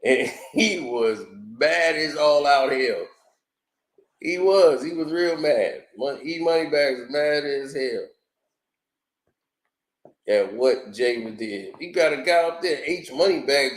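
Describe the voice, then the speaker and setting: A man's voice: fairly high pitch, animated, slow, reverberant. A man giving casual commentary on an interview, telling stories animatedly, acting out quotes and laughing often.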